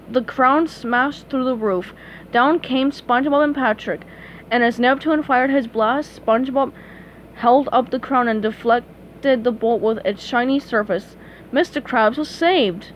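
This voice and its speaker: A woman's voice: on the high side, unhurried, highs cut off, a little hiss or hum. A young woman reading a storybook aloud steadily and fixing small slips as she goes. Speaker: reader.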